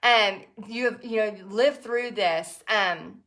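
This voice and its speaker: A woman's voice: medium pitch, slow, fairly bright tone. A woman, chatting in a rambling, emotional way with many fillers while she paints live for viewers. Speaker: painting instructor hosting a live stream.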